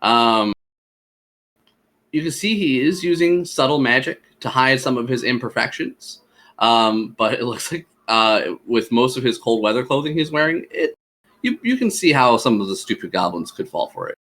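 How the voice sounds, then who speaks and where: A man narrating as game master of a tabletop game, pausing often with fillers. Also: mid-range voice, animated, fairly bright tone. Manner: halting, many fillers.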